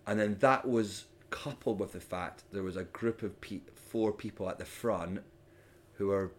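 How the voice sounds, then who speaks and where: Scottish comedian guest, lowish voice, casual storytelling with sudden shouted impressions. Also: male voice, unhurried, slight background noise. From Scotland. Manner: animated storyteller, mimics hecklers with loud sudden shouts. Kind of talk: casual podcast chat.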